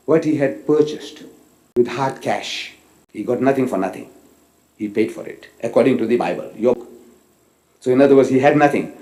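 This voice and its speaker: A man giving a religious lecture, retelling a debate with lively storytelling and acted-out dialogue. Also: on the high side. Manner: storytelling, animated, mimics dialogue. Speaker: Islamic preacher. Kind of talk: recorded lecture with retold debate. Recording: echoey hall recording.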